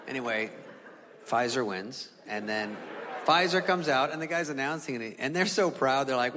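Animated, profane stand-up comedian man. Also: medium pitch, a little fast, background noise. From California. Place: comedy stage before an audience. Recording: reverberant hall with laughing crowd.

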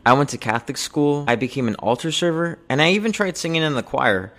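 A young man telling a personal story from his childhood in an earnest, measured way, going quiet on the painful moments. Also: fairly high pitch, expressive. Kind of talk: personal spoken-word storytelling.

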